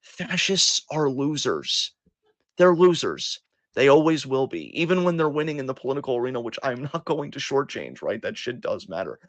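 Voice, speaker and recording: A man's voice: medium pitch, very animated, normal speed, dry recording. A man co-hosting a podcast, delivering a heated, profanity-laced monologue that turns self-deprecating at times. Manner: impassioned, profane ranting. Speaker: podcast co-host.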